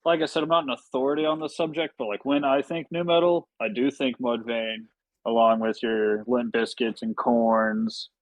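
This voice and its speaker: A man's voice: medium pitch, fairly even intonation, normal speed, no echo, rough recording. Laid-back man in a dry studio. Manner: laid-back, swears freely, many fillers. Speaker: podcast guest. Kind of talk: casual podcast chat. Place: podcast studio.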